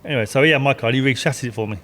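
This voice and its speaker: A man's voice: medium pitch, rapid-fire, a bit bright. Older man, retired racer, rambling anecdotes with laughs; long reverb. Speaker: retired stock car driver. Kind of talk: casual storytelling interview.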